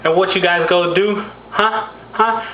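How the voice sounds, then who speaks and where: A man's voice: high-pitched, steady tone, a little slow, slight background noise, pitched above the performer's own voice. A man voicing God as a brash male figure who scolds and mocks people in sassy put-downs. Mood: mocking. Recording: dull, echoey room recording.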